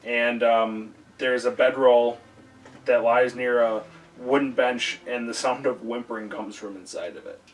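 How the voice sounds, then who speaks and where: A man narrating a tabletop game as game master, halting and full of fillers. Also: mid-range voice, fairly even intonation. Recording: distant mic, faint music.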